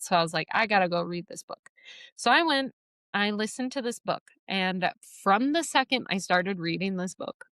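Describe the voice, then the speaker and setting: A woman hosting a podcast, telling a long story in a rambling, animated way and swearing casually. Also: medium pitch, dry recording. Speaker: podcast host.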